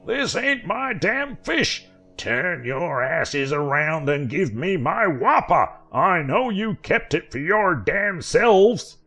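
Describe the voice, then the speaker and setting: Filthy backwoods bait-shop man, drawl, high yelling voice, menacing, slowed-down delivery. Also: big pitch swings, heavily acted. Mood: hollering.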